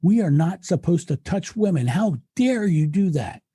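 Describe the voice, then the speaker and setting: Man putting on an angry young monk, indignant, scolding, raised pitch, husky. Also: lively intonation, normal speed, warm tone, no echo, studio quality. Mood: outraged.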